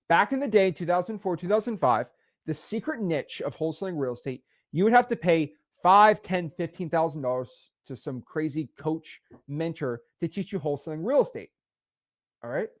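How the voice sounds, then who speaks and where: A man in his twenties, a real estate wholesaling educator, talking emphatically and repeating himself as he pitches directly to the camera. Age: 20s. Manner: emphatic, repetitive, fast-talking, self-assured.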